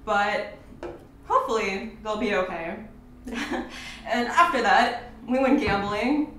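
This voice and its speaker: A woman's voice: medium pitch, slow pace, fairly bright tone. A woman recapping a tabletop game session as a player, playful and giggly, acting out what others said. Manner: giggly, playful storyteller, acts out quotes. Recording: very echoey, distant mic, faint noise.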